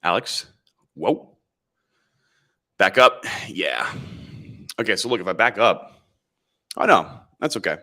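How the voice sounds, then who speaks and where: A man's voice: low-pitched, lively intonation, slow pace, pauses often, bright, forceful tone. A man hosting a casual livestream, reading chat comments and rambling sarcastically, calling his viewers boys. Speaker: livestream host. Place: indoors, standing in camera frame.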